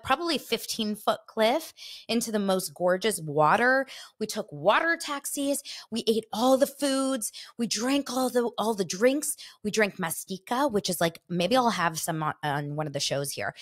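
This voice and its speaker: Animated woman telling a rambling story. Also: mid-range voice. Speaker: podcast host. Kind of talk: casual chat.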